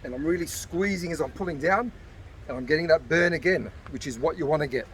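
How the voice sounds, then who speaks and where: Slightly breathless, a male fitness coach talks viewers through an outdoor workout demo in a beach park, cheering them on as he moves. He's a fast talker with a voice on the high side and a bit bright. The mic is distant, with traffic noise.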